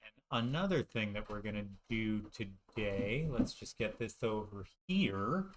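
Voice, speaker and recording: A man's voice: lowish voice, lively intonation, measured pace. A man hosts a casual, joking vlog, firing off puns and crude asides while working out with weights. He sits far from the camera mic, so his voice rings in a roomy echo with faint background hiss. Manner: jokey, punning, crude asides. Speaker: YouTube host. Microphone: camera mic from a distance.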